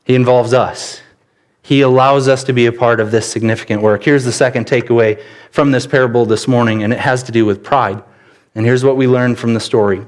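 A man preaching a church sermon, telling stories with sudden bursts of animation. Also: fairly quick. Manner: animated storytelling with sudden rises in pitch. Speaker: pastor.

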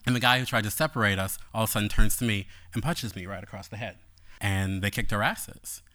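A man telling a personal story on stage, animated and playful, later quiet and reflective. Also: lowish voice, fairly quick.

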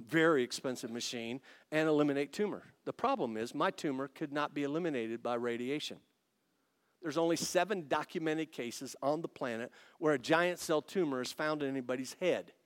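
Man from Italy preaching a testimony. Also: medium pitch. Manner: storytelling, acts out both sides of dialogue, rising to loud excited peaks. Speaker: pastor. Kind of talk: testimony sermon.

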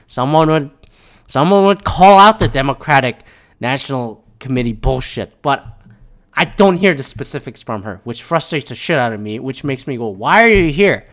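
A man's voice: mid-range voice, a bit bright. A man in a casual political rant, rambling and profane, often repeating words as he restarts a thought.

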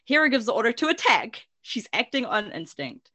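Woman, podcast host, animated pitch, giggly, casual recap. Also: fairly quick. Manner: giggly, lively, swears casually. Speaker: podcast host summarizing a book. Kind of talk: casual chat, recapping chapters.

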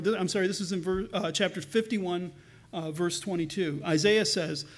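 A pastor preaching a sermon in an earnest, conversational way, slowing down to read scripture with emphasis. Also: male voice, high voice.

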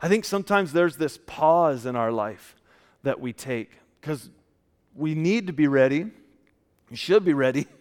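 A man preaching a casual, story-filled sermon, often dropping to a soft hushed tone. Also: a little high, expressive, a little slow, clear, resonant tone. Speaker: pastor. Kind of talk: conversational sermon with stories. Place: church. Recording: long church hall reverb.

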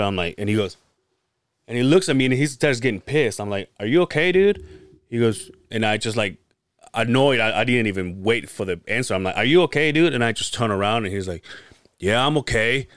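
A man's voice: on the low side, fairly quick, dry recording, studio quality. A man on a podcast telling a story in casual chat, swearing freely and acting out what people said. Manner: animated, profane, acts out quotes. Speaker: podcast host.

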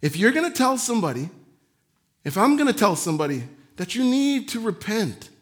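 A male pastor preaching a sermon, animated, acting out the voices he quotes and swinging from loud emphasis to quiet, soft asides. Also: sits high, brisk.

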